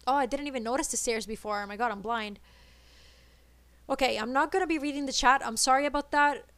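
A woman streaming a co-op game, chattering nervously and excitedly as she plays. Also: sits high, fast, smooth, no room sound. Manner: excitable, nervous, switches between English and Italian. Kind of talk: live gameplay chatter.

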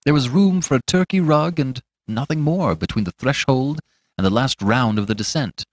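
A man who hosts a podcast, narrating a classic story in a scripted, expressive storytelling manner. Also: lowish voice, no room sound, clean studio sound. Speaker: podcast host and audiobook narrator.

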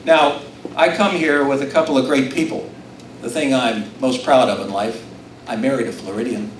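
A middle-aged Utah man, a political candidate, delivers a rousing campaign speech to a live audience in an event room, blending self-deprecating humor with appeals. His voice is medium-pitched with fairly even intonation at a normal speed. The mic is distant, so the echoey room and background noise come through clearly.

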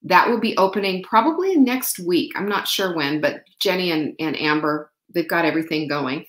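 Woman, middle-aged, host, chatty, upbeat, rambling, slightly low voice, echoey room. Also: animated, moderate pace, a bit bright. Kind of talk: live-stream chat with viewers.

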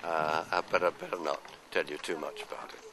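An older man from London, telling anecdotes and answering interview questions in an unhurried, rambling way. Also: a bass voice, fairly even intonation, noisy background. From London, England. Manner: anecdotal, unhurried, trailing off into asides. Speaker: actor being interviewed. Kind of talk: casual interview chat.

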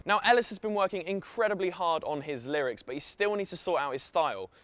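A man's voice: high voice, lively intonation, quick pace, a bit bright. A man presenting and narrating a web series in an upbeat, playful way. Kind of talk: scripted narration.

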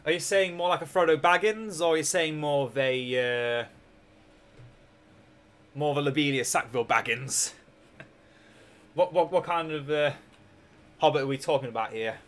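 In casual live-stream chat over a strategy game, a young Scottish man with a sore throat rambles, jokes and laughs often. His voice is a little high and a bit bright, at normal speed with frequent pauses.

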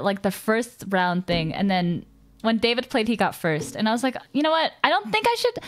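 A young woman streamer telling a long, rambling personal story in casual chat, swearing often and restarting her sentences. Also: a little high.

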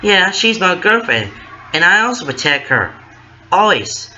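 A loyal young ninja speaks up earnestly and defiantly, as a man voices him. His voice is bright and lifted, with lively pitch. The lo-fi home recording carries a faint hiss. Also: unhurried, exaggerated voice.

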